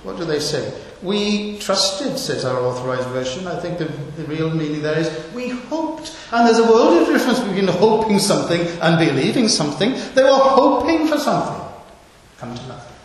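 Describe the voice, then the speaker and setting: A man's voice: high-pitched, very animated, moderate pace. A man preaching an expository sermon, asking rhetorical questions and stressing key words. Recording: echoey hall with hiss.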